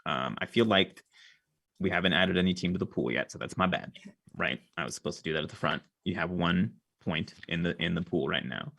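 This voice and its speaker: A man's voice: deep voice, brisk, vocal fry, a bit bright. A man narrating a tabletop game as game master, in a loose, chatty way full of fillers.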